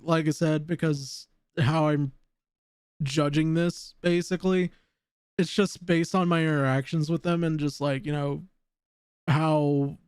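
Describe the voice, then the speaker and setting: Slow-talking man hosting a stream. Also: on the high side, a little mellow, clean tone, no echo. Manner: laughs often, hesitant with many fillers. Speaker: stream host. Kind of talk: casual chat on a livestream.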